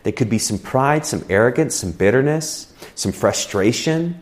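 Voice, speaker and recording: A man's voice: mid-range voice, expressive, normal speed. A man preaching a sermon as a pastor, conversational and telling personal stories. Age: adult with children.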